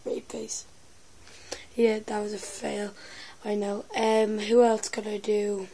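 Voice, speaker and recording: A woman's voice: medium pitch, level tone, a little slow, mellow. A woman with a lisp chatting casually in a vlog, rambling with lots of fillers and poking fun at herself. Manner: rambling, filler-heavy, self-mocking. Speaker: YouTuber.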